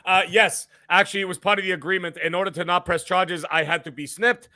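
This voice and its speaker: A man's voice: high voice, fairly even intonation, fast, bright, forceful tone, dry recording, studio quality. A man co-hosting a gaming podcast in a brash, profane, mocking comedic persona. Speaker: podcast co-host. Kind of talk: comedic in-character banter.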